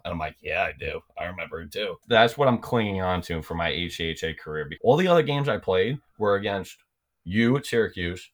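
A young man with a very low, deep voice tells loose, rambling stories, peppering them with "like" and doubling back on his words. He talks as a podcast guest, easygoing and unpolished. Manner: rambling, repeats words, lots of "like". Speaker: podcast guest, former college backup goalie. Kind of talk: casual storytelling.

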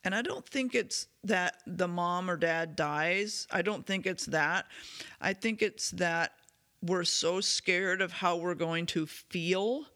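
A man hosting a solo podcast about recovery, talking in an earnest, candid and self-reflective way, his voice slightly hoarse as he clears his throat now and then. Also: high voice, takes it slowly, sharp tone. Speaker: podcast host.

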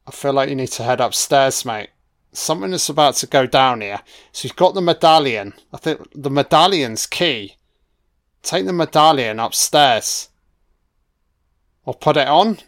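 Slow-talking, swearing bloke. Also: male voice, medium pitch. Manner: profane, talking back at the screen. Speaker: film commentator. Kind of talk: live reaction commentary over a film.

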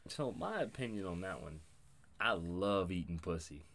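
A man in his twenties co-hosting a casual podcast chat, swearing constantly and laughing loudly. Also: deep voice, expressive, normal speed. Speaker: podcast co-host.

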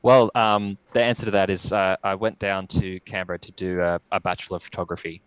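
Deep-voiced man, reflective. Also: little pitch movement, clear, resonant tone, no room sound, rough recording. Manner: reflective, halting with many restarts. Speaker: podcast guest. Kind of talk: casual storytelling.

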